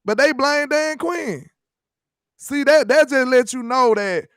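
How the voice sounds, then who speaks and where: A man's voice: very high voice, slow, fairly bright tone, dry recording, clean studio sound. A man co-hosting a podcast, talking sports in casual slangy banter and laughing often. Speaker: podcast co-host.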